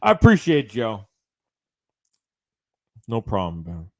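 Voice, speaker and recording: A man's voice: lowish voice, wildly swooping pitch, measured pace, darkish tone. Guy hosting a late night sports stream, rants a lot, reads out the chat. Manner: ranting, reads viewer chats aloud. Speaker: livestream host.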